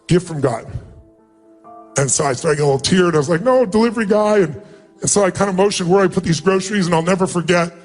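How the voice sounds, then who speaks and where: A man's voice: high voice, steady tone, rapid-fire. Earnest man telling a story, faint music. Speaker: motivational speaker. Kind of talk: personal storytelling speech.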